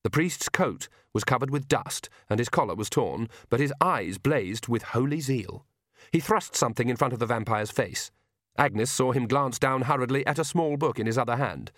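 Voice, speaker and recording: Dry, measured male audiobook narrator. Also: mid-range voice, animated, fairly bright tone, dry recording. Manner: measured, wry storytelling. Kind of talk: scripted narration.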